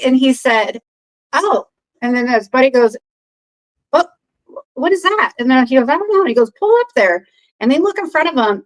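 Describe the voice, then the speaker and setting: A woman with a slightly high voice, heard through poor audio, tells a wandering story as a podcast guest. It's casual and filler-laden, and she animatedly acts out other people's quoted lines.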